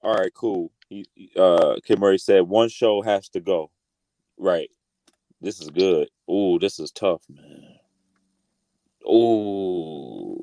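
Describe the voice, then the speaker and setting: A man hosting a casual panel chat, animated, laughing often and swearing freely. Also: low-pitched, slow pace, pauses often, no echo.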